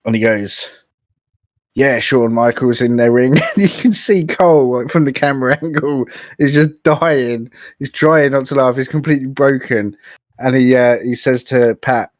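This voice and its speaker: A man's voice: medium pitch, normal speed, dry recording, lo-fi sound. A man co-hosting a podcast in casual chat, often laughing and acting out quotes as he retells things. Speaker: podcast co-host.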